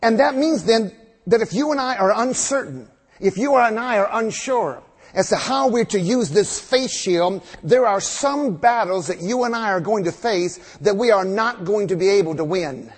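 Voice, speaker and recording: High-voiced husky preacher in a hall. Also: male voice, animated. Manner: reads scripture aloud, then expounds slowly with emphatic repetition. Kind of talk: sermon. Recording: long reverb of a large hall.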